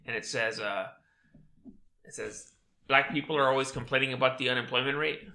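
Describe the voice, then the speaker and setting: A man's voice: mid-range voice, fairly quick, vocal fry, pushed and bright. A man in casual chat, brash and provocative.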